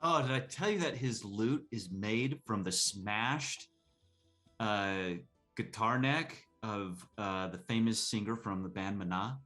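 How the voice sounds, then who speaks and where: A man's voice: on the low side, slow pace, bright, forceful tone, soft background music. A man playing a tabletop game, enthusiastic in casual chat. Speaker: player.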